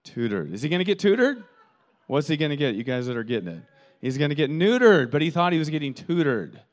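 A man's voice: fairly high pitch, quick pace. A man pastor preaching a sermon, telling stories animatedly and often repeating words as he thinks. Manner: animated storytelling with quoted voices.

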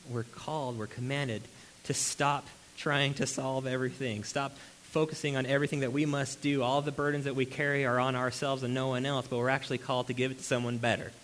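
A man's voice: medium pitch, fairly bright tone, a little hiss or hum, low-quality recording. A man preaching a sermon to a congregation in a room, talking animatedly, asking rhetorical questions and slipping into voices. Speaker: pastor.

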